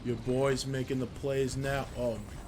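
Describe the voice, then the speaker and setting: A young man commentating his own gameplay in a casual way, swearing and breaking into sudden yelps and shouts. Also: medium pitch, flat delivery, measured pace. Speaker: gameplay streamer. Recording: loud game music behind the voice.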